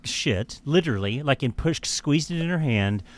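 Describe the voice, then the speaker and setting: A male podcast host in loose, casual conversation with a voice of ordinary pitch. He tells his story crudely, swears freely, mocks his subject and keeps laughing along the way. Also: lively intonation, moderate pace. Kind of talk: casual chat.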